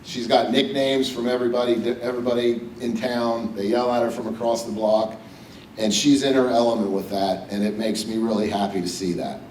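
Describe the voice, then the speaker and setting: A man's voice: on the low side, steady tone, a little fast, darkish tone, far from the mic, slight background noise. A middle-aged man from West Virginia giving a personal, joking hall of fame acceptance speech at a podium. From West Virginia, USA. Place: banquet hall with audience. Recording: echoey hall, speaker a bit off mic.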